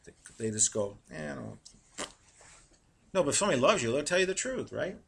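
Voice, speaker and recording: Male preacher, middle-aged, husky edge, bright tone, slows down to read verses. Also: a little high. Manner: animated, laughing at his own jokes, slowing to read verses. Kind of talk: sermon.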